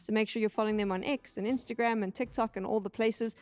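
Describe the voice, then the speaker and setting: A woman hosting an esports analysis desk, brisk and steering the talk, at times exasperated. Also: on the high side, steady tone.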